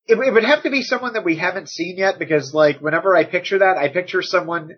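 Excitable man, wrestling chat co-host, high husky voice, lo-fi muffled sound. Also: fast. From United States. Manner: enthusiastic, repeats words, excitable. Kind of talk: casual chat. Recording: dull lo-fi sound.

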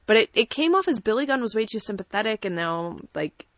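A woman co-hosting a podcast in casual chat, animated and laughing often as she acts out quotes. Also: mid-range voice, fairly quick, dry recording. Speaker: podcast co-host. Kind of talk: casual chat about wrestling.

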